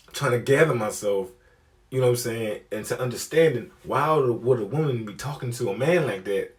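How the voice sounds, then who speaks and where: A young man telling a comic story, profane and animated, acting out the people he quotes. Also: mid-range voice, a little fast. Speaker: comedian. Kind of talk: storytelling comedy.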